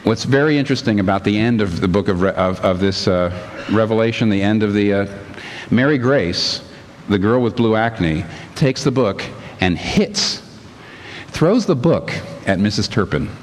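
A man preaching a sermon as pastor, lively and emphatic, reading passages aloud. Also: fairly low pitch, normal speed, long reverb tail, slight background noise.

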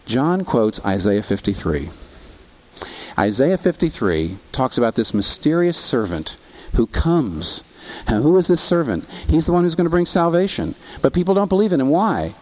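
A man preaching a sermon, asking rhetorical questions and rising in pitch on emphasis. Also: big pitch swings, moderate pace. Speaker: pastor.

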